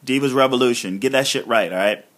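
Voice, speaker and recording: A man hosting a solo review podcast, talking casually and with a lot of profanity, excitable and laughing often as he retells scenes. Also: mid-range voice, fast talker. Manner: profane, excitable, swings between mumbling and loud outbursts. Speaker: podcast host reviewing wrestling shows.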